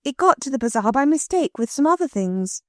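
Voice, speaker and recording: A woman's voice: high-pitched, very animated, fairly quick, darkish tone, dry recording, studio quality, voice pushed up. A woman voicing an earnest, soothing young girl who coaxes and pleads. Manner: earnest, coaxing.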